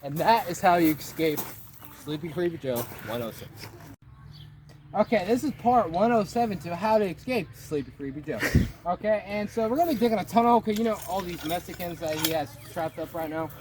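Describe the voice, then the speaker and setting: A man giving a goofy tutorial at an outdoor playground, excitable and joking and always asking "right?". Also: sits high, brisk, background noise. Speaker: vlogger.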